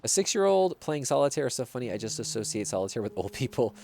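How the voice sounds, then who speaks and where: A man's voice: medium pitch, sing-song, fast talker, vocal fry, a little mellow. A man streaming a video game, chatting casually and reacting to viewer messages. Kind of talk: casual gameplay livestream chat.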